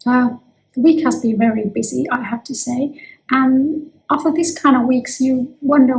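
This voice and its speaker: A woman's voice: high voice, fairly even intonation, normal speed, gravelly, rough recording. A woman in her fifties who is losing her voice, chatting reflectively to camera from her office in a casual vlog. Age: 50s. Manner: chatty and reflective, with frequent restarts. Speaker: vlogger.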